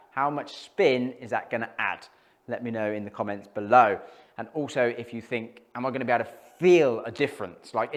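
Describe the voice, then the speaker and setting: A man talking casually between shots as he tests golf clubs in an indoor studio, thinking aloud and reacting to each hit. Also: medium pitch. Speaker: golf club tester. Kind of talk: casual hitting commentary.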